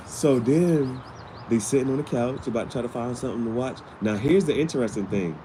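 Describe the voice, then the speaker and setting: A man's voice: mid-range voice, expressive, fairly quick, dark tone, slight background noise, poor audio. A man casually recapping a TV episode in slangy, rambling speech with many restarts. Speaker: vlogger.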